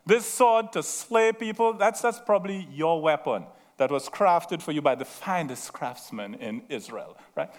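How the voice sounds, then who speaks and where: A man's voice: a little high, animated, a little slow, hardly any pauses. A man voicing a bold, defiant young shepherd hero in a sermon, speaking emphatically and repeating his lines for effect.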